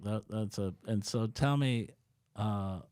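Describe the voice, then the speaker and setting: A man's voice: lowish voice, slow, a little mellow, no room sound, studio quality. A man hosting a podcast, asking short casual questions and chiming in with agreement. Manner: short prompts and agreeing interjections. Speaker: podcast host. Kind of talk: casual interview.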